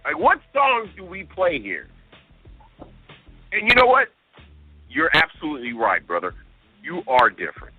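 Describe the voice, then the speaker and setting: A man on a radio show reads listener mail aloud, breaking into disbelieving, exasperated outbursts. His voice sits a little high and jumps around a lot, and he talks at an unhurried pace. The sound is thin and phone-like, with music playing underneath. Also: wildly swooping pitch. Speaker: radio co-host. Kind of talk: reading listener emails on a talk radio show.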